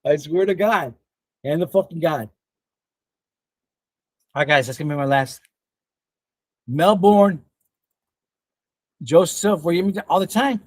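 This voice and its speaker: High-voiced man in his fifties, excitable. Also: measured pace, long pauses, no room sound. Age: 50s. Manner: excitable, swears freely, laughs often. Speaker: livestream host reading chat. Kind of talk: casual livestream chat.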